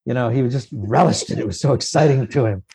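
Talking fast in a dark, husky, mid-range voice with vocal fry, a guest puppeteer chats casually in an interview. He tells stories, chuckles, and keeps trailing off and restarting. The recording is low quality.

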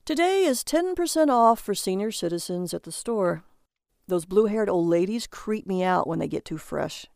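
A woman's voice: medium pitch, animated, moderate pace, vocal fry, a little mellow, no room sound, studio quality. A woman voicing a dim, eager husband who collects junk, earnest and defensive.

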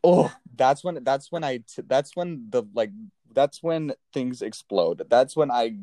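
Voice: medium pitch, lively intonation, measured pace, dark tone, dry recording. A speaker in a casual chat who reacts indignantly and restarts sentences with stammers as they get worked up.

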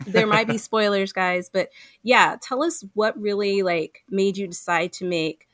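A woman co-hosting a gaming podcast in casual chat, talking fast with many fillers and frequent laughs. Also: medium pitch, a bit bright, no echo, clean studio sound. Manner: chatty, fillers of "like", laughs often. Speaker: podcast co-host.

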